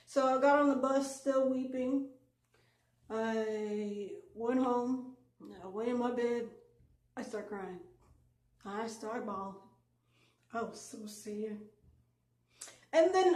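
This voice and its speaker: A woman's voice: fairly high pitch, unhurried. Rambling woman storyteller in an echoey room. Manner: rambling, many filler ums and restarts. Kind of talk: casual personal storytelling.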